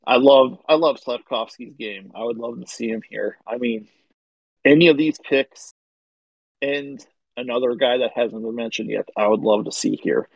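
A man with a creaky, medium-pitched voice and moderate pace co-hosts a casual hockey podcast, heard in a dry recording with the highs cut off. He talks eagerly and enthusiastically, gushing about players and prospects he likes.

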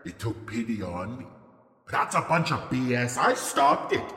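A man's voice: medium pitch, huge pitch swings, normal speed, gravelly, bright, forceful tone, roomy sound, long reverb tail, full character voice. An actor playing a mocking, boastful male trickster spirit who laughs at his own jokes.

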